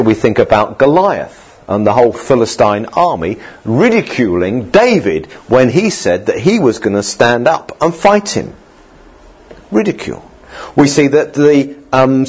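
A man's voice: mid-range voice, breathy edge. A man preaching a sermon in a conversational way, now and then acting out quoted voices.

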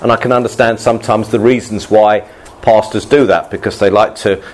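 A male pastor giving a relaxed, good-humoured sermon to his congregation, often laughing and restarting his sentences. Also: lowish voice, fairly quick, slight background noise.

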